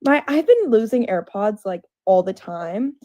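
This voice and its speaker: A woman's voice: mid-range voice, very animated, unhurried, dark tone, no echo, rough recording. Teen girl rambling in casual chat. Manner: rambling, filler-heavy. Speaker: guest.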